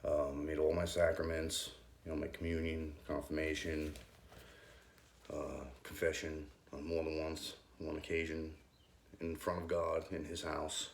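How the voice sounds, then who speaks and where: A man, a youth group leader, giving a halting, nervous personal faith testimony full of ums. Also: extremely low pitch, flat delivery, echoey room, a little hiss or hum. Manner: hesitant, halting, many ums.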